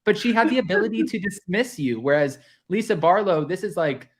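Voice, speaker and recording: A man's voice: high-pitched, expressive, fairly quick. A man chatting as a guest, sharing reasoned opinions on a reality show. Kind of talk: casual chat.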